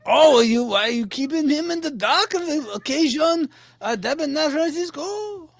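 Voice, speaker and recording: A man's voice: very high voice, animated, moderate pace, gravelly, dry recording. A man appearing as a guest on a podcast, chatting casually with a playful, mock-formal manner. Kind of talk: casual chat.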